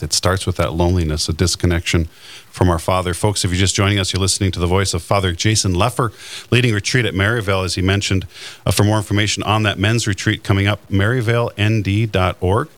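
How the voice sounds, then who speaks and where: Deep, flat-voiced radio host. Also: male voice. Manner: conversational, uses many fillers during announcements. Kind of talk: radio talk.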